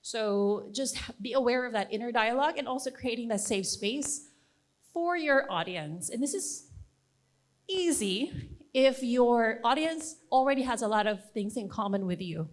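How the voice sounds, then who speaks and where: A woman's voice: on the high side, expressive, normal speed. A woman, giving a conference presentation in a conversational, encouraging way, with plenty of fillers. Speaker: conference speaker.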